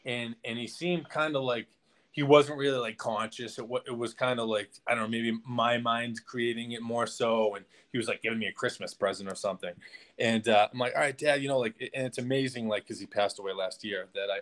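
A man's voice: medium pitch, fairly even intonation, fairly quick, a bit bright. A man, a podcast guest, telling a personal story in casual conversation, rambling with many restarts and "like"s.

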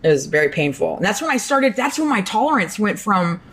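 A woman's voice: mid-range voice, very animated, brisk, fairly bright tone, a little hiss or hum. A woman hosting a podcast, telling a long rambling story in casual, profane chat. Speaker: podcast host.

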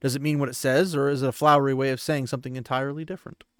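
A male podcast host walks through a book chapter in loose, conversational chat, full of filler words. His voice sits at an ordinary middle pitch. The sound is dry, with no room echo. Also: level tone, very fast, a bit bright, clean tone. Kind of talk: casual book recap chat.

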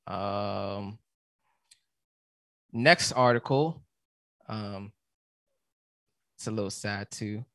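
A man's voice: lowish voice, extremely slow, gravelly, long pauses, fairly bright tone, no room sound. Laid-back man hosting a podcast. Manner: loose and joking, breaks into laughter. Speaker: podcast host reading news. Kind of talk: casual podcast chat.

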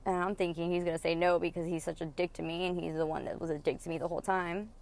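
A mother tells her own story in a frank storytime monologue, speaking fast in a lowish, flat, slightly mellow voice. She's blunt and emotional, swears freely, and acts out other people's lines as dialogue.

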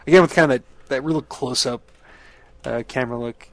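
A man's voice: mid-range voice, fairly quick, no room sound. Man, casual podcast chat, rambling, laughs a lot, swears, dry close sound. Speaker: podcast co-host.

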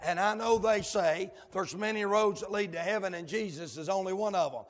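A male preacher delivering a fiery sermon in rhythmic cadences, dotted with amens and sudden shouted whoops. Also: high voice, fairly quick. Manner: rhythmic cadences punctuated with amen. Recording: long hall reverb.

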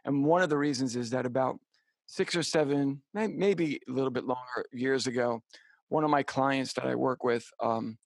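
A middle-aged man co-hosting a podcast, telling a personal story in a halting, heartfelt way with many fillers and restarts. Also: mid-range voice, vocal fry, no room sound. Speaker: podcast co-host. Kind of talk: casual storytelling chat.

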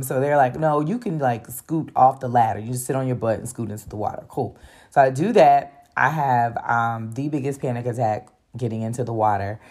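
A woman with a strikingly low voice tells a personal story casually, full of slang and fillers. She is animated, exclaiming and acting out her own panicked replies.

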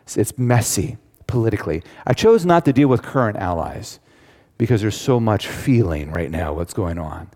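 A man's voice: on the low side, very animated, moderate pace, darkish tone. A man teaching a Bible study to a live audience, in a conversational way with asides to the listeners. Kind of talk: sermon-style Bible teaching. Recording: long hall reverb.

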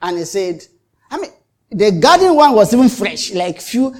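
A pastor preaches a sermon in a mid-range, sing-song voice with a darkish tone, speaking at normal speed. He dramatically repeats and restarts phrases for emphasis and acts out the exchanges he recounts.

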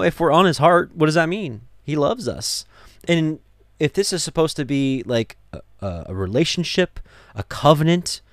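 A man's voice: a little high, no room sound, studio quality. A man reading scripture aloud and explaining it in an earnest, conversational way, full of restarts and asides to the listener. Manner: earnest, conversational, many restarts and "you know". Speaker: Torah teacher. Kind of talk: scripture reading with sermon-like commentary.

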